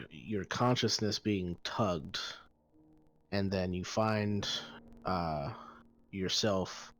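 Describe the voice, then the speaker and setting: A man narrating as game master of a tabletop game, pausing often and filling gaps with "uh" and "like" as he describes the scene. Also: lowish voice, no echo, poor audio. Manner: hesitant, full of pauses and fillers. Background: faint background music.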